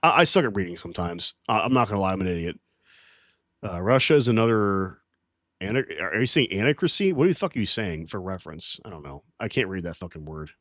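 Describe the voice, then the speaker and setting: Heated, lively-voiced male streamer. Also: low voice, fast talker, dry recording, clean studio sound. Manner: profane, rambling, heated. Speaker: streamer reading live chat. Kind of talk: casual livestream rant.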